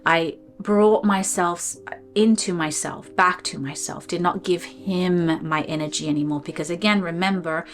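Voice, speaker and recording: Lowish-voiced woman telling a spiritual story. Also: normal speed, faint music behind. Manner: storytelling, animated, laughs often. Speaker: meditation channel host. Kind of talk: casual spiritual talk to camera.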